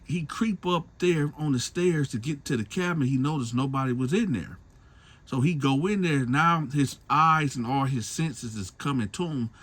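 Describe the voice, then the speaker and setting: A man's voice: mid-range voice, fairly bright tone. Brief: male host telling a story, casual and slangy, medium voice. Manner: loose slangy retelling with tag questions.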